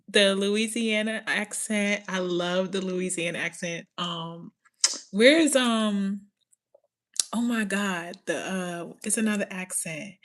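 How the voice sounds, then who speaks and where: A woman from the New York area hosting a casual chat, rambling with lots of fillers, laughing often and slipping into playful accent impressions. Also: mid-range voice. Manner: giggly and excitable, laughs often. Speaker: podcast host.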